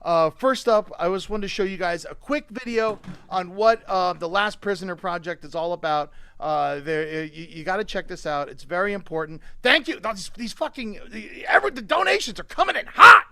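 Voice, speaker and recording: A man with a high, bright, forceful voice hosts a live-streamed comedy show. He rants with loose profanity, dropping to mutters and then bursting into shouts. The sound is close and dry, with no room around it. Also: moderate pace, hardly any pauses, no room sound. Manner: profane, excitable ranting that swings between quiet asides and shouting. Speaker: show host.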